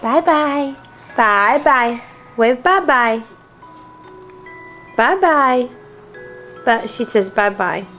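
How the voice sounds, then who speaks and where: A young woman with a high voice talks slowly to her baby in a home video. Her speech is sing-song, coaxing baby talk, full of repeated little phrases. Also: animated, sharp tone, faint music behind. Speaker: mother.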